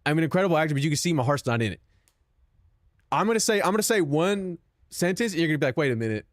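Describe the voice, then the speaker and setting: Speaking rapid-fire in a slightly high, expressive voice, this young man chats loosely with his stream audience over clean, echo-free studio sound. His humor is profane and self-deprecating, full of jokes at his own expense.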